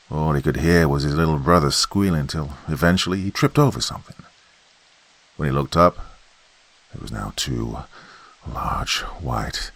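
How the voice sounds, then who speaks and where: Gravelly deep-voiced horror storyteller. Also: male voice. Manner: folksy campfire telling, swings between loud and hushed. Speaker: horror podcast narrator.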